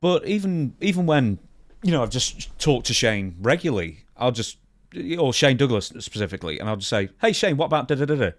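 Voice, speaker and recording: A man's voice: mid-range voice, very animated, moderate pace, no echo. A man co-hosting a podcast, chatting casually in a polite, somewhat hesitant way. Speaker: podcast co-host. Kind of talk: casual chat.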